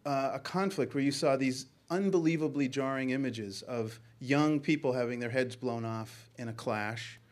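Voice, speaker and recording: A middle-aged man from Boston, a newspaper journalist, telling a personal story to a panel in an earnest, halting way with many ums and restarts. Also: mid-range voice.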